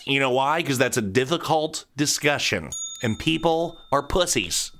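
A middle-aged man hosting a casual monologue, blunt and profane, telling animated stories. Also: mid-range voice, measured pace, noisy background.

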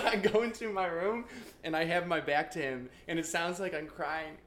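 A young man in casual conversation, telling an animated story with lots of fillers and laughter. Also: fairly high pitch, normal speed, reverberant.

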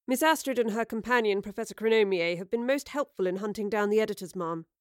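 A woman voicing a dutiful female officer who reports in a formal, crisp military manner, in an audiobook. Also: mid-range voice, fast, dry recording, studio quality, lightly acted.

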